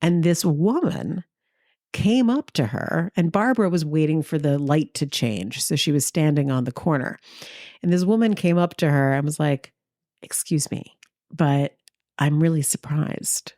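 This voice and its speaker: A middle-aged woman from New York, co-hosting a podcast and telling anecdotes in a casual, animated way, acting out the lines of the people in her stories. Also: moderate pace, no echo, studio quality. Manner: lively anecdotal, acts out quotes with big pitch jumps. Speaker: podcast co-host. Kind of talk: casual storytelling chat.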